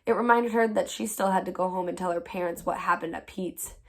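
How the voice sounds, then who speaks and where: A teacher reading a children's chapter book aloud, with clear, expressive storytelling. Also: female voice, lowish voice, fairly quick.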